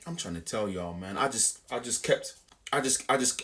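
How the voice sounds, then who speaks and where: A young man telling a story to camera in an animated, slangy, repetitive way. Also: mid-range voice, a little fast. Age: young adult. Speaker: vlogger.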